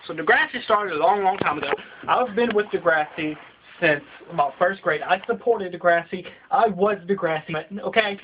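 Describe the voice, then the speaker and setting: High-voiced young man ranting profanely. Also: moderate pace, slight background noise. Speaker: vlogger. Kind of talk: comedic rant vlog. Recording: dull lo-fi home video audio.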